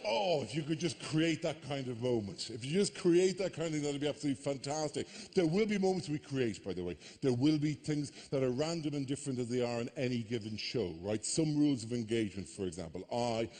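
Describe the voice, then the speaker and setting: An Irish man doing stand-up comedy, talking fast and animated, swearing freely and breaking into frantic voices. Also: medium pitch. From Ireland. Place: theatre stage before a live audience.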